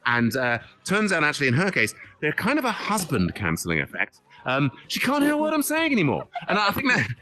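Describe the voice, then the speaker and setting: Man, stand-up host, rapid chatty self-mocking delivery, slightly high voice. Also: huge pitch swings, pushed and bright. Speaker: comedian hosting a comedy night. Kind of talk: rambling improvised stand-up. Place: virtual reality social space. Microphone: VR headset mic.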